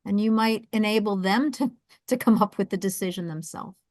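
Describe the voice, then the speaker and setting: A woman with a South Jersey accent hosting a webinar, coaching with lively restarts and repeated words. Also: medium pitch, brisk, dry recording. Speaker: webinar host and intercultural coach.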